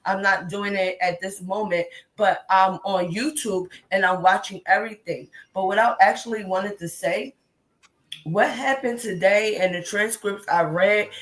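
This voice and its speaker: A woman's voice: medium pitch, poor audio. A woman in her thirties calling in to a live stream, talking emphatically and rambling with many restarts. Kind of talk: impassioned call-in commentary. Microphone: remote call.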